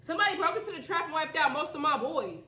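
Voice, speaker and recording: A woman's voice: high-pitched, lively intonation, fast talker, bright, forceful tone, voice pushed up. A woman reading aloud as a hotheaded young male gang leader, curt and commanding. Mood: tense. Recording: echoey room.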